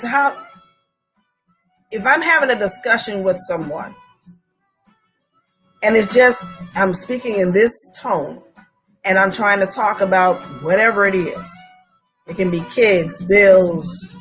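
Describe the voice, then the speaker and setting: A woman's voice: mid-range voice, fairly bright tone. A woman hosting a live-stream discussion, talking in a conversational way and agreeing emphatically. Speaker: host.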